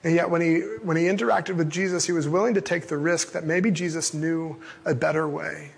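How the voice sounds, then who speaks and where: Reading from the Bible and then putting the passage into plain, everyday words, a pastor gives a relaxed, conversational sermon. His high voice is steady, slightly fast, creaky and a bit rough. He's amplified through a sound system in a large hall with long reverb.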